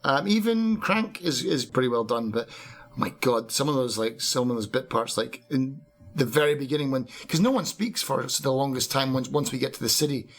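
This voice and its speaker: A man co-hosting a film podcast, chatting casually and making quick jokey asides. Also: mid-range voice, animated. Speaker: podcast co-host. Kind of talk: casual film review chat.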